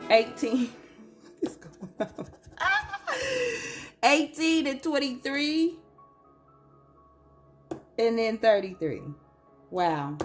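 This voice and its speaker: A woman chatting casually to viewers while scratching lottery tickets and reading numbers aloud. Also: a little high. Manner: chatty, slow and drawn-out, reads numbers aloud.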